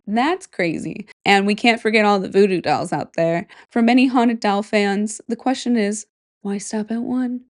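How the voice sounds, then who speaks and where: A woman's voice: a little high, darkish tone. A woman with a Midwestern accent hosting a casual podcast, reading a list aloud and breaking off into rambling, jokey asides. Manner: chatty, rambling, jokey asides and self-interruptions. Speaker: podcast host.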